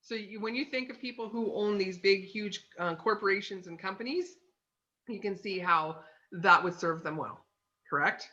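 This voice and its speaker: In a casual instructional talk about personality types, this sales consultant chats from her home office, full of filler words and "okay?" check-ins. She speaks at normal speed in a mid-range voice that is pushed and bright, and the recording's highs are cut off.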